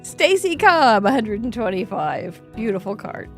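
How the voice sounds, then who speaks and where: A woman's voice: a little high, sing-song, unhurried, soft background music. A woman hosting a live craft show, cheerfully reading out names and card counts, laughing often. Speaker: host.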